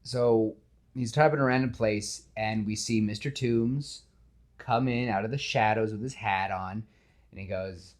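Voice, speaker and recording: A man hosting a podcast in casual chat, telling a story with lively acted-out scenes. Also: fairly low pitch, measured pace. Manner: animated storytelling, acts out scenes. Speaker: podcast host.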